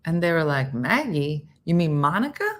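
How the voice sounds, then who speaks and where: A woman's voice: low voice, moderate pace. A woman hosting a casual morning show, telling a story with lots of acted-out quotes, laughter and sudden whispers. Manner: animated storyteller, acts out quotes, laughs often, drops to whispers.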